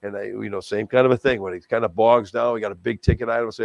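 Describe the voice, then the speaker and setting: An older man from Wisconsin, a TV anchor and charity auctioneer, telling stories in a folksy, animated, self-deprecating way in a casual interview. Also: fairly low pitch, quick pace, vocal fry, few pauses, dry recording.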